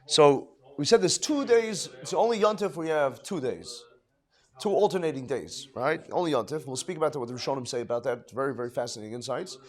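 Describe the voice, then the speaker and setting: Middle-aged rabbi teaching a class, kinda high voice, lots of "you know", goes quiet then loud. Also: male voice, lively intonation, a little fast. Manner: rambling, full of "you know" and restarts, swings between hushed and emphatic; mixes Hebrew and Yiddish terms into English. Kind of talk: informal Torah lecture.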